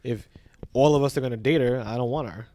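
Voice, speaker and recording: A man talks in an easy, unhurried way. He tells his story reflectively and fills his sentences with casual fillers. His pitch sits in an ordinary middle range. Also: dark tone, dry recording. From Brooklyn, New York. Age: 40s. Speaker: teacher, podcast guest. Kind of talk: casual conversational interview.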